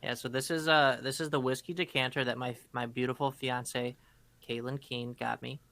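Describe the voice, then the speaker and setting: A man's voice: medium pitch, little pitch movement, moderate pace, creaky, sharp tone, no room sound. A young man co-hosting a podcast, chatting casually and teasing his friends in a matter-of-fact way. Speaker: podcast co-host. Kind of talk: casual chat.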